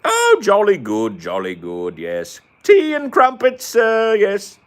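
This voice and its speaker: A man putting on a prim, stiff British gentleman with a mock upper-class British accent. The voice is pitched far above his own and drawn out in a sing-song lilt. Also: wildly swooping pitch, slow, heavily acted. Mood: flustered.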